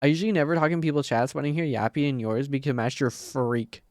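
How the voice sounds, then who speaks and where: A man chatting live on stream at a desk mic, excitable and rambling, swearing often. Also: mid-range voice, fast talker, dry recording, clean studio sound. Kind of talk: casual live-stream chat. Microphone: desk mic on a mic arm.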